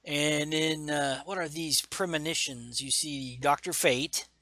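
A man's voice: a little high, fairly even intonation, measured pace, sharp tone, no room sound. A man reading a comic aloud in casual chat, enthusiastically acting out the characters' lines with lots of fillers. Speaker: comic book podcast host.

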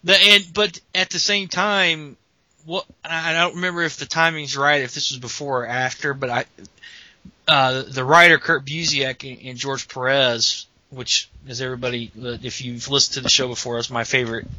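A man's voice: medium pitch, steady tone, moderate pace, sharp tone, no room sound. A man hosting a podcast, chatting casually and rambling with many restarts over lo-fi call audio. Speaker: podcast host. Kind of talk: casual chat.

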